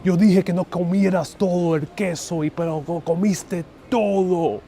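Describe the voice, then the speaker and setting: A man's voice: high voice, fairly even intonation, normal speed, warm tone, slight background noise, voice pushed up, natural voice. A man putting on a melodramatic telenovela leading man, pleading theatrically while outdoors on a city street. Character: melodramatic male telenovela lead scolding his lover. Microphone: phone on gimbal with wireless lapel mic.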